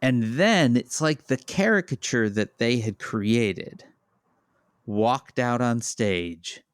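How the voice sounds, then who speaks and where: A man co-hosting a podcast, giving slow, deliberate commentary in casual chat. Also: mid-range voice, animated, clean tone, dry recording, studio quality. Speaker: podcast co-host.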